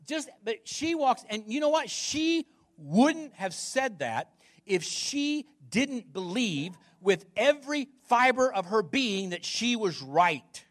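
A male pastor preaching with a high voice that swings widely in pitch. He is emphatic, doubles back on his words, and fires questions at the listeners. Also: very animated, slow pace, fairly bright tone. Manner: emphatic, repeats words, asks the congregation questions. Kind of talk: sermon.

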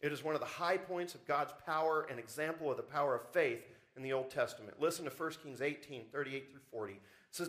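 A man's voice: a little high, fast, fairly bright tone. A man preaching a sermon as pastor, with rising emphasis and frequent rhetorical questions to the congregation. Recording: church service audio recording.

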